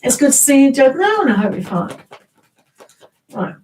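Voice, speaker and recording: An English woman with a somewhat high voice talks through a tarot reading in a loose, conversational way. She chats to viewers, laughs often and trips over her words as she goes. Her voice sounds a little distant from the microphone. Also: sing-song, normal speed, darkish tone, a little hiss or hum. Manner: chatty and rambling, greets viewers, laughs often, many restarts. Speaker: tarot reader hosting a live stream. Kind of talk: casual live-stream reading.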